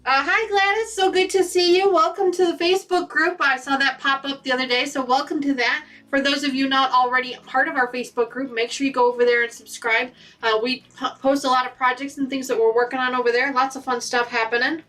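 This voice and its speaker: A woman's voice: high voice, steady tone, brisk, fairly bright tone, recorded from a distance. A woman hosting a live quilting stream, chatty and upbeat, greeting viewers by name. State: has the hiccups. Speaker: quilting channel host.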